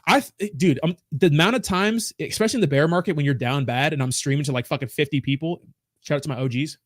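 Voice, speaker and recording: A man with a somewhat high voice talks fast on a dry recording, rambling through a casual livestream rant. He hosts a crypto stream from a small home studio and swears constantly.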